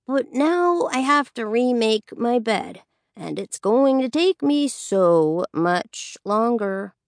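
A lazy boy in a storybook, drawling every word slowly to needle his older sister, as a woman reader puts him on. The voice sits higher than her narration. It is recorded dry and close. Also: expressive, no echo. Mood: lazy teasing. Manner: slow, deliberately dragging drawl.

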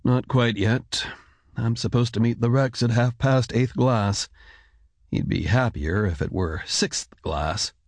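A man reading an audiobook, voicing a prematurely gray senior mage in a measured, wry manner. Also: medium pitch, no room sound. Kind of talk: audiobook character voice.

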